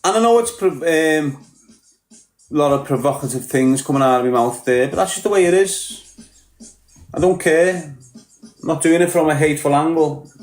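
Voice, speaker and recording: A man's voice: fairly high pitch, normal speed, pauses often, echoey room, soft background music. A man with a Liverpool accent ranting bluntly on a podcast, combative and full of swearing. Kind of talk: heated podcast rant.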